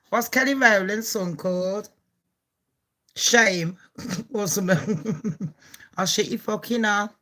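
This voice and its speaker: A woman's voice: mid-range voice, pushed and bright. An English woman with a Birmingham accent, hosting a gossip channel, talking in a brash, foul-mouthed way and laughing often. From England. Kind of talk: casual gossip vlog.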